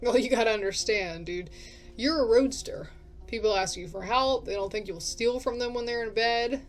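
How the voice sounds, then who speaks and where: A man's voice: very high voice, normal speed, soft background music. A woman voicing a casual, laid-back male drifter with a slangy, easygoing way of talking.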